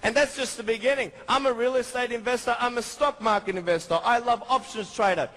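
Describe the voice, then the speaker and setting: A man's voice: very high-pitched, fairly quick, fairly bright tone. A man in his twenties giving an earnest testimony as a motivational speaker. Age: 20s. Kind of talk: testimony speech. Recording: hall with long reverb.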